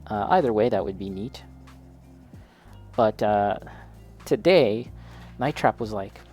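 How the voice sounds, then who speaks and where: A man's voice: on the low side, takes it slowly, darkish tone, faint music behind. A man chatting casually while building a model kit, talking straight to a friend and laughing often.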